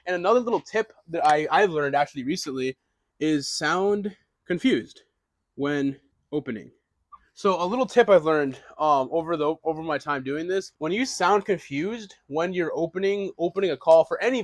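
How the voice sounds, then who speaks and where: A young man giving a casual, energetic real estate lesson, restarting phrases and swearing now and then. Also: on the high side, dry recording. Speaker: real estate wholesaling instructor.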